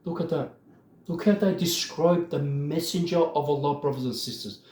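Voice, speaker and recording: Worked-up man with a high voice in an echoey room. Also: moderate pace, darkish tone. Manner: emphatic, worked up, repeatedly addressing listeners. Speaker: religious commentator. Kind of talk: impassioned religious commentary.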